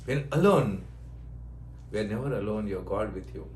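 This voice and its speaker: A man's voice: on the low side, lively intonation, normal speed, darkish tone, echoey room, a little hiss or hum. An older man, a yoga teacher, giving a spiritual talk in short, repeated phrases of broken English, often laughing. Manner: non-native English with broken grammar. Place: ashram.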